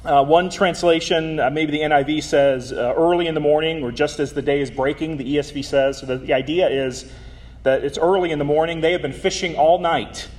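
A man's voice: a little high, fairly even intonation, a little fast, darkish tone. A man preaching a sermon in a conversational way, with frequent ums and small self-corrections.

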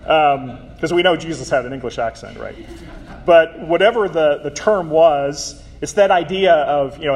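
Conversational preacher man, fairly high voice. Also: moderate pace, darkish tone. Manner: conversational, with filler ums and self-corrections. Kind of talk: sermon.

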